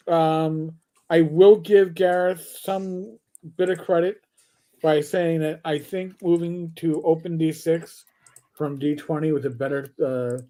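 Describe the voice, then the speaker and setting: An older man hosting a casual live stream chat, rambling and joking with plenty of swearing. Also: a little high. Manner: profane, rambling, animated joker. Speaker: host.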